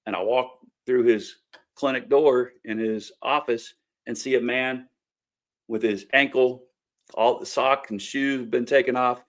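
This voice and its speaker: A man's voice: mid-range voice, steady tone, unhurried. A middle-aged man with a Kentucky accent, hosting a show and telling folksy stories in earnest, plain-spoken campaign talk. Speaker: host and candidate for local office. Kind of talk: casual campaign talk to camera.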